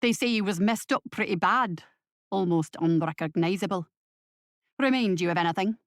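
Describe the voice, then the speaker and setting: A woman's voice: mid-range voice, moderate pace, no room sound, studio quality, lightly acted. A woman voicing a blunt, wary Scottish man who talks in a sardonic way. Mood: accusing.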